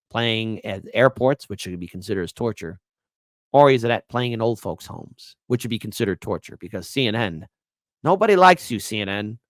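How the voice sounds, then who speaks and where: A man hosting a political commentary show, sarcastic and taunting, his volume swinging from loud to quiet. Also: on the low side, no echo.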